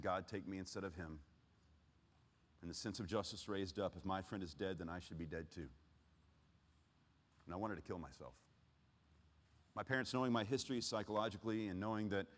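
Low-voiced man giving an earnest testimony. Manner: earnest, swings from loud urgency to hushed, heavy pauses. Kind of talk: personal testimony talk. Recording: long reverb of a large hall.

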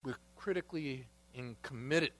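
A man preaching a sermon as pastor, reading scripture quotes aloud and moving between emphatic rises and quiet asides. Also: mid-range voice, moderate pace.

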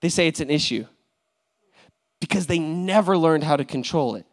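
A man's voice: on the high side, normal speed. A young man preaching a sermon as pastor, in a casual, joking manner full of fillers.

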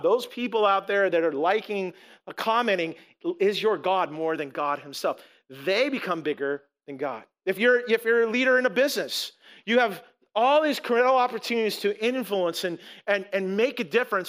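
A man's voice: high voice, pushed and bright. A man preaching a sermon as a pastor, emphatic, asking rhetorical questions and repeating words as he restarts.

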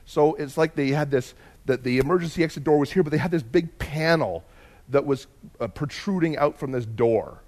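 Animated pastor, higher-pitched man. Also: moderate pace. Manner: animated storyteller, swings from hushed to loud. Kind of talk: sermon with personal storytelling. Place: church.

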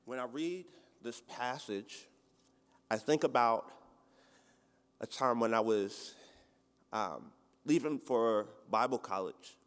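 A man reading scripture aloud, then telling a personal story in a slow, earnest manner. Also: medium pitch. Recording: long hall reverb.

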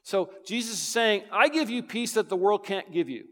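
A man preaching a sermon as pastor, emphatic, swinging between loud urgent lines and hushed ones. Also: sits high, normal speed, big-room sound.

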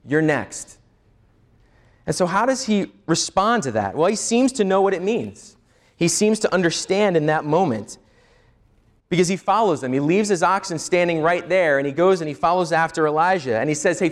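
Guy pastor preaching, kinda high voice, earnest, lots of questions to the crowd. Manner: earnest teaching with rhetorical questions. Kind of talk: sermon.

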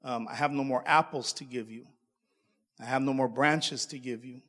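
A man voicing a gentle, giving tree. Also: mid-range voice, steady tone, moderate pace, big-room sound, close to an everyday voice. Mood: weary. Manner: coaxing, pleading. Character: loving, giving female tree, eager and gentle.

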